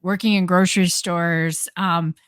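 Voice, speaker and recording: A woman's voice: lowish voice, fairly even intonation, a little slow, clear, resonant tone, no echo, clean studio sound. A woman hosting a podcast, reflecting thoughtfully in long musing sentences. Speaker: podcast host. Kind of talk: casual interview chat.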